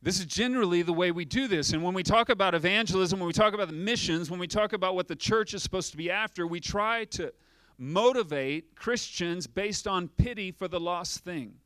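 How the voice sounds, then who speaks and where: Dynamic pastor preaching a sermon. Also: male voice, high voice, a little fast, a bit bright, clean tone, no room sound. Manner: dynamic preaching, rhetorical questions, acting out dialogue.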